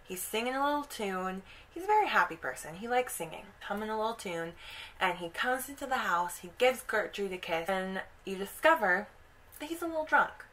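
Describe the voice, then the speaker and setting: A woman's voice: mid-range voice, lively intonation, normal speed, fairly bright tone, poor audio. A young woman hosting a casual vlog, animatedly retelling a story and slipping into the characters' voices. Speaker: video host.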